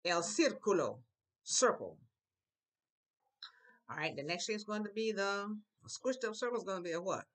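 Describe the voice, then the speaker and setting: A woman teaching a children's class, slowly repeating words for the pupils to copy. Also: mid-range voice. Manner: lively, drawn-out repetition of words for pupils to copy. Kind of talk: classroom language lesson. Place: school classroom.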